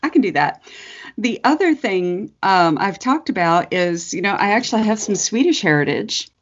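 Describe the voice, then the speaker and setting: A woman co-hosting a casual podcast chat, her voice hoarse and husky from screaming, laughing often and swearing freely. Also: mid-range voice, expressive, normal speed. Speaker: podcast co-host. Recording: dull lo-fi podcast audio.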